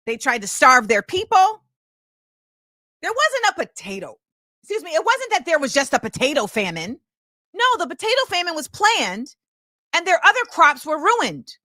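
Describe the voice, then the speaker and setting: A woman's voice: sits high, sing-song, moderate pace, pushed and bright, no echo, studio quality. A woman hosting her own show, delivering an impassioned film commentary monologue and repeating key phrases for emphasis. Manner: opinionated and impassioned. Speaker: show host.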